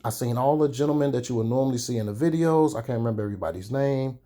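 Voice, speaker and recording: A young man talks candidly to his vlog viewers. His voice is mellow and warm at an ordinary pitch. He tells his story in a chatty way, with drawn-out pauses. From Chicago. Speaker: sneaker vlogger.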